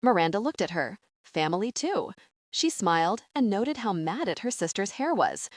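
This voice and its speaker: A woman narrating an audiobook in a gentle storytelling manner. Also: medium pitch, very animated, moderate pace, no room sound, studio quality.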